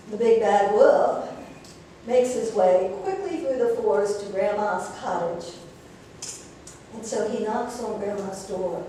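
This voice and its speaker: Woman pastor telling a story in church, slow and mellow, super echoey, kinda far from the mic. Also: medium pitch, slight background noise. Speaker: minister. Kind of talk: storytelling sermon. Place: church sanctuary.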